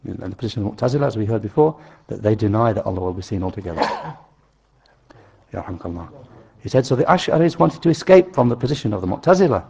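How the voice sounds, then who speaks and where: A man teaching a religious study class, explaining slowly and repeating key phrases for his listeners. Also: lowish voice, expressive, creaky, a little mellow, husky.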